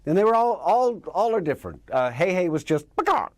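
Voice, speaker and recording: Animated man, lively pitch, dry sound. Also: brisk, no echo. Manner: animated, laughs often, drops into character voices. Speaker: actor and voice actor. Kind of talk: interview answers.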